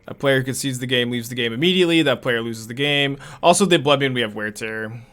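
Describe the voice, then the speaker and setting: Bright-voiced man thinking aloud over gameplay. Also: mid-range voice, brisk, smooth. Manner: chatty, laughs often, thinks aloud. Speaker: card game streamer. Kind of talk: casual gameplay commentary.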